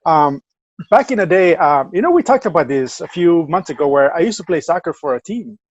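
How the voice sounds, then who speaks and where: A man's voice: on the high side, animated, fairly quick, no room sound, highs cut off. A man co-hosting a casual remote podcast, telling a rambling story full of fillers and restarts. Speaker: podcast co-host. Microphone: remote call mic.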